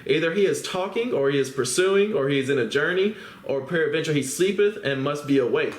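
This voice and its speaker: A man's voice: a little high, lively intonation, fairly quick, close to an everyday voice. A man voicing a scornful prophet who taunts rival priests in a mocking, raised voice. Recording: roomy echo.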